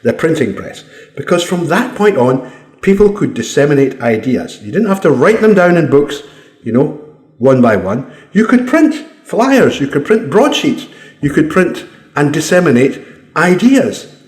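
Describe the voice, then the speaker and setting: A man's voice: on the high side, big pitch swings, unhurried, a little mellow. A Scottish man giving a blunt, combative opinion monologue, swearing freely. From Scotland. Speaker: commentator. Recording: roomy echo.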